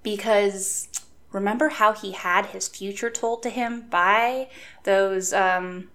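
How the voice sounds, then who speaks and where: Woman co-host, chatty book-discussion voice, lively, quick to laugh, mid pitch. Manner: animated, laughs often, acts out book characters' lines. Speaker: podcast co-host.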